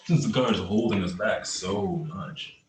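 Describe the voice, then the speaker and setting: A man's voice: fairly low pitch, big pitch swings, brisk, background noise. A man reading the part of a sarcastic, combative young police officer in a play reading over a video call. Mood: bickering. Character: young male cop, sarcastic and proud. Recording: roomy echo on the voice.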